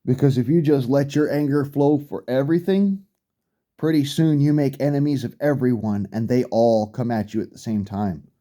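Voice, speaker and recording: Middle-aged man, very dark, mellow tone, blunt and profane, ranting in a vlog. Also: medium pitch, fairly even intonation, moderate pace. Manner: blunt, heavy swearing, repeats himself for emphasis. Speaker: vlogger. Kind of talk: profane rant.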